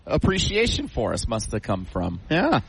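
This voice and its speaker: A man's voice: mid-range voice, wildly swooping pitch, moderate pace, creaky, slight background noise, low-quality recording. A man co-hosting a sports radio show, chatting and filling in backstory.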